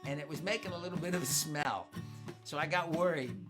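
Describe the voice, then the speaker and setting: With music playing behind him, a brisk man whose voice sits on the high side hosts a live family concert. Casual and playful with his online viewers, he spins stories and reads their comments aloud.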